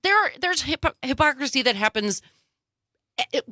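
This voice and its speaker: A woman's voice: sits high, expressive, a little fast, pushed and bright, dry recording. A woman co-hosting a political talk show, speaking in an indignant, emphatic, sarcastic way. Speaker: co-host.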